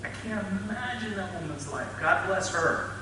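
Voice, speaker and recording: A middle-aged man, a chiropractor, speaking to an audience and telling patient stories with lively, acted-out moments and frequent laughs. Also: high voice, normal speed, recorded from a distance. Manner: animated storyteller, acts out scenes, laughs often. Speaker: chiropractor giving a talk. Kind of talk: storytelling talk to an audience. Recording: echoey hall, speaker off mic, faint noise.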